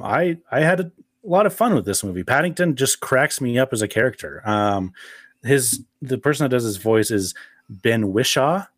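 A man's voice: medium pitch, no echo, clean studio sound. A man hosting a casual movie review chat, laughing often and leaning on fillers.

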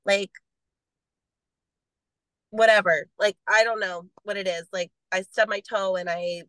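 A woman's voice: mid-range voice, steady tone, unhurried, fairly bright tone, no room sound, low-quality recording. A young adult woman talking as a podcast guest, earnest and rambling, sharing her faith in a casual way. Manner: earnest, rambling with many "like" fillers.

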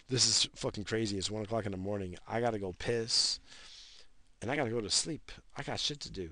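A man's voice: lowish voice, fairly quick, bright, forceful tone, no room sound. A man in his thirties giving a profane, rambling late-night rant after drinking, talking about his wife and kids. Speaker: vlogger ranting to camera.

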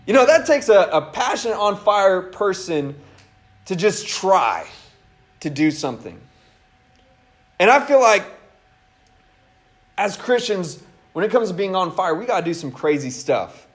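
A man preaching a casual, animated sermon, laughing and acting out the people he quotes. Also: sits high, a little slow, long pauses.

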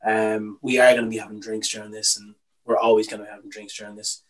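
A man's voice: on the low side, completely flat delivery, quick pace, a bit bright, low-quality recording. A young Irish man co-hosting a casual podcast, opinionated and ranting, with some swearing. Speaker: podcast co-host.

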